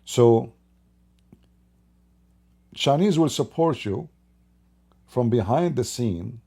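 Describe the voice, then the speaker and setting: A man's voice: mid-range voice, animated, drawn-out words, warm tone, husky. A man hosting his own channel, talking straight to his microphone in an unscripted commentary and stacking up points in emphatic, repetitive lists. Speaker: channel host commenting on politics.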